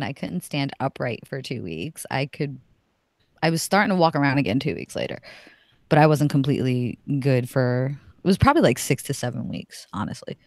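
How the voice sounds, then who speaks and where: Brief: woman, 30s, low voice, dry close sound, swears freely, blunt and lively podcast guest. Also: dry recording. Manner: profane, blunt and animated. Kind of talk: casual podcast chat.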